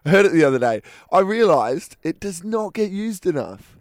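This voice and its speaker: A man's voice: sits high, very animated, normal speed, dry recording, studio quality. A young man co-hosting a casual comedy podcast, rambling through ideas and laughing at his own jokes. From Australia. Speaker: podcast co-host.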